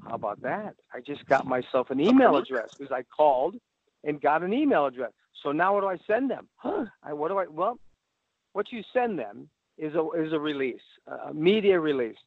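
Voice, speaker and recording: A man with a gravelly, slightly high voice talks at a moderate pace through a thin, dry phone line, with no room sound. As a radio guest in a casual advice talk, he rambles in an animated way, acting out little phone calls along the way.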